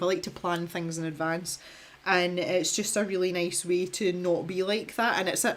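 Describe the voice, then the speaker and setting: A woman's voice: on the low side, fairly bright tone. A young woman chatting in a rambling, self-deprecating way while she paints on a live stream, laughing often. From Scotland. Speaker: art streamer.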